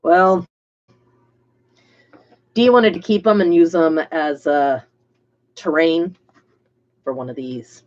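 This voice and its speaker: A woman's voice: deep voice, slow pace, pauses often, darkish tone, dull audio. A woman hosting a casual livestream, chatting to viewers by name as she paints miniatures.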